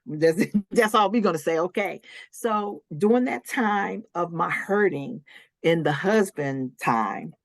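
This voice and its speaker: Low-voiced woman sharing faith testimony. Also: animated, slow, no echo, studio quality. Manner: earnest, reenacts her own past words with big pitch jumps. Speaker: interview guest, licensed minister. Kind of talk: personal testimony in conversation.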